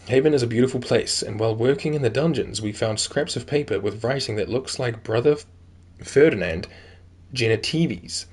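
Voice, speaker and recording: Male streamer, mid-pitched voice, casual live commentary, rambling with many fillers. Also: moderate pace, darkish tone. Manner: rambling, heavy use of "like" and "um". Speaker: streamer playing a video game. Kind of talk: casual live-stream commentary, reading in-game notes aloud.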